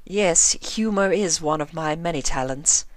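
A man's voice: fairly high pitch, no echo, voice pushed up, natural voice. Rarity, a man doing a posh unicorn lady. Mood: haughty. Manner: posh, theatrical, drawn-out vowels. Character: haughty refined female unicorn fashion designer. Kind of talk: audiobook reading.

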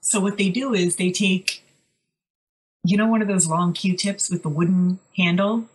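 A woman's voice: fairly low pitch, steady tone, unhurried, rough recording. A woman co-hosting a podcast, telling stories in a chatty, wry, casual way. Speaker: podcast co-host. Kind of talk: casual chat.

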